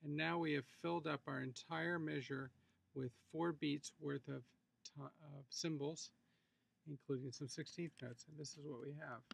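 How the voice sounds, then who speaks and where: A man talking through a drum notation tutorial in a relaxed, explanatory way, thinking aloud as he works. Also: on the high side, moderate pace, vocal fry. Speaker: music instructor. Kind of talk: screencast tutorial walkthrough.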